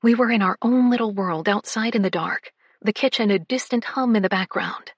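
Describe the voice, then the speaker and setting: A woman narrating a first-person romance audiobook, breathy and often slipping into whispers. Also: medium pitch, normal speed, dry recording, highs cut off.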